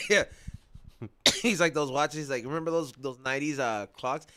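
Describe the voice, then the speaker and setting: A man on a casual podcast telling a long, animated story, full of slang and laughter. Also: on the high side, normal speed, background noise.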